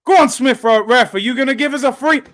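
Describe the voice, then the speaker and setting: A young man hosting a live football watchalong, reacting loudly to the play and then talking himself back down. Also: extremely high pitch, quick pace. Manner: excitable, shouts at big moments, then calms himself down. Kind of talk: live match watchalong commentary.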